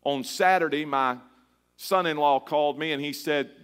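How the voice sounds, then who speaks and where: A middle-aged male pastor preaching a sermon in a church, moving from hushed storytelling to a fervent, half-sung shout. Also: a little high, moderate pace, smooth.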